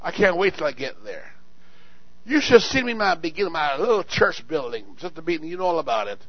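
A male pastor delivers a sermon in a high, lifted voice, dropping low for asides, then shouting calls to the congregation and hammering on repeated words. The sound is dry and close, with a slightly dull, muffled tone. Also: very animated, fast, dry recording. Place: church sanctuary.

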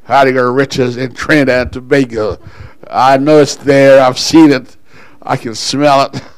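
A pastor preaching a sermon to his congregation, calling people up front and pausing for call-and-response. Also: medium pitch, steady tone, clear, resonant tone, dry recording, low-quality recording.

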